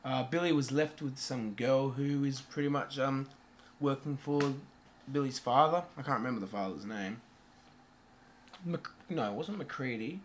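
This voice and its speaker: A man giving a casual, rambling movie review, swearing freely and filling pauses with um and uh. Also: medium pitch, slight background noise.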